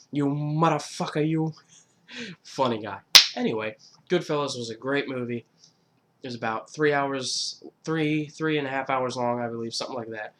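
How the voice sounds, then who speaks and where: A man's voice: mid-range voice, normal speed, very noisy. Rambling, profane young YouTuber man. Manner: rambling, profane, fillers and restarts. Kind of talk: casual movie countdown.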